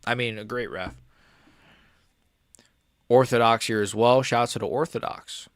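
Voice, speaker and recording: A man's voice: medium pitch, measured pace, no echo, clean studio sound. A man hosting a live stream, reacting to a fight in a casual, rambling, profane way.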